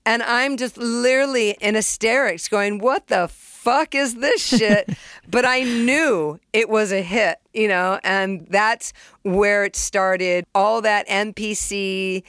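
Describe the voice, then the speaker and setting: A middle-aged woman tells her stories with an open, unguarded energy. She swears freely and acts out beats and sounds as she goes. Her voice is smooth and clear, recorded close and dry. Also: medium pitch, fairly even intonation, slow, fairly bright tone, dry recording. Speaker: songwriter and producer, interview guest. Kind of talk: casual storytelling in an interview.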